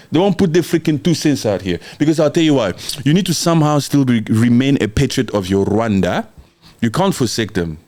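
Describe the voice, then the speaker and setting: A young man delivers heated political commentary, jumping between scolding, sarcasm and mock quotes. His pitch swings widely as he hammers each point. The delivery is emphatic and confrontational throughout. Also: a little mellow. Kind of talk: ranting commentary reading a document.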